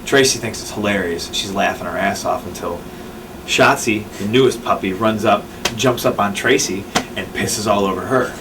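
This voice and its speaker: Rambling wrestler telling a story, distant mic. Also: male voice, fairly low pitch, moderate pace. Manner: rambling, with fillers and self-corrections. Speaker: pro wrestler. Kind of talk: casual anecdote in an interview. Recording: distant mic with clear background noise.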